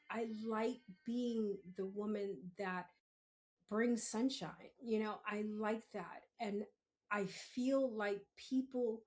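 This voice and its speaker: A young woman from Queens, hosting a spiritual podcast in a chatty, blunt monologue, laughing often and swearing freely. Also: medium pitch. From Queens, New York. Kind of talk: casual solo podcast monologue.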